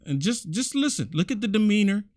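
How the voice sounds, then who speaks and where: A man's voice: high-pitched, big pitch swings, fairly quick, a little mellow, no echo, clean studio sound. A man hosting a commentary video, preachy and exclamatory, often repeating himself as he reacts to clips. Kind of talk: indignant commentary over clips.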